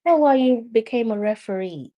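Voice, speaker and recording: Brief Jamaican woman, fairly high voice, live match commentary for a fan stream, heated and repetitive. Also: normal speed, dull audio. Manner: excitable, argues with the referee, repeats herself. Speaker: watch-along host.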